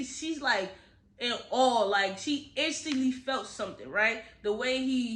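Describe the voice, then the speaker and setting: Young woman, high bright voice, slangy, rambling book chat, echoey room. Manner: chatty and digressive, often checking in with "right?"; slangy and candid. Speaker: book reviewer. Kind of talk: casual book review chat.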